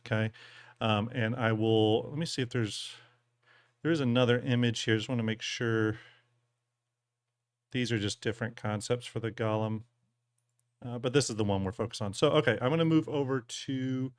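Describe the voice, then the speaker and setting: A man's voice: medium pitch, dry recording, clean studio sound. A man from the American South with a Southern accent, streaming casually while he works on ship designs, rambling with plenty of ums and folksy asides. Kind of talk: casual live-stream talk.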